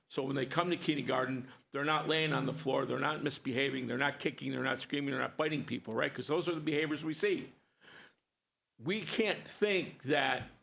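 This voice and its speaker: A man with a somewhat high, gravelly voice argues his case at a school board meeting. He presses hard, repeats himself for emphasis and piles up short points one after another. Faint room noise hangs behind him on the meeting mic. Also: fairly bright tone. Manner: emphatic, repetitive, lists points. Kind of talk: public meeting debate.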